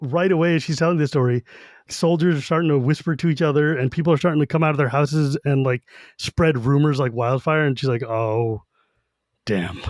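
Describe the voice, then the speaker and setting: A man's voice: on the high side, fairly even intonation, quick pace, darkish tone, no echo, studio quality. A man co-hosting a book podcast, casually retelling scenes and paraphrasing characters in slangy quoted voices. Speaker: podcast co-host.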